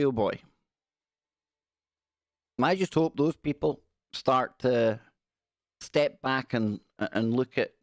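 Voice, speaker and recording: A man's voice: mid-range voice, no room sound, clean studio sound. Wry man hosting a livestream. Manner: wry, joking, reads news aloud. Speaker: livestream host. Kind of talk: casual live-stream commentary.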